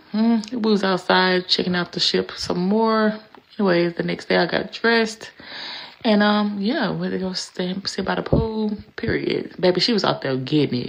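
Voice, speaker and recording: A woman's voice: lowish voice, gravelly. A middle-aged woman chatting casually through a vlog voice-over, drawn out and rambling, dropping "y'all" and "anyways" often. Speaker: vlogger.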